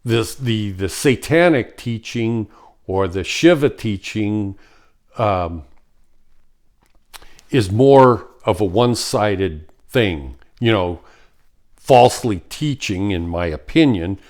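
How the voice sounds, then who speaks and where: A man giving an earnest spiritual talk, slow and heartfelt, acting out quoted voices along the way. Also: lowish voice, lively intonation, darkish tone. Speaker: spiritual teacher.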